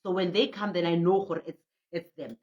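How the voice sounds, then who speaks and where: A middle-aged woman with a South African accent, a traditional healer hosting a livestreamed prayer session, telling stories in an animated way and reading out viewer comments. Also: lowish voice, brisk. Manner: frequent laughter and restarts. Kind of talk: livestream talk. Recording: muffled lo-fi audio.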